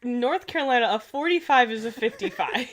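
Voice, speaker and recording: A woman's voice: a little high, fairly quick. A woman co-hosting a casual game stream, giggly and teasing, laughing between almost every line. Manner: animated, teasing. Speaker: streamer co-host. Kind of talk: casual chat.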